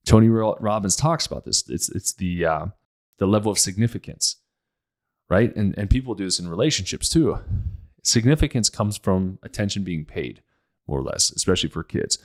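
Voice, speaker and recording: A man's voice: on the low side, animated, moderate pace. A man hosting a podcast, speaking in a blunt, emphatic casual monologue and often repeating his points. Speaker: podcast host.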